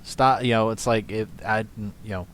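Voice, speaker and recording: A man hosting casual reaction commentary, rambling, swearing and scoffing between long pauses. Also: on the low side, a bit bright, smooth. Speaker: commentary host.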